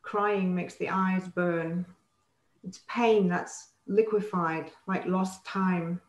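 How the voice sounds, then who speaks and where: A woman giving a poetry reading, reciting slowly and deliberately with weighty pauses. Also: on the low side, fairly even intonation. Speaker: poet reading aloud. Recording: roomy echoey recording.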